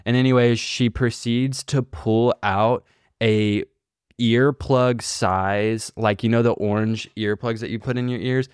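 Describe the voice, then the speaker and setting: A man's voice: mid-range voice, fairly even intonation, unhurried, smooth, dry recording, clean studio sound. A man casually telling a long, rambling story on a podcast, swearing and using lots of filler words. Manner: rambling, profane, filler-heavy delivery. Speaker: podcast co-host.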